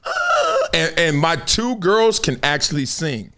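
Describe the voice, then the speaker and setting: A middle-aged man hosting a live sports and culture stream, talking in loose slang with loud bursts and low asides. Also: a little slow. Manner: animated, slangy, jumps between loud bursts and low mutters. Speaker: show host.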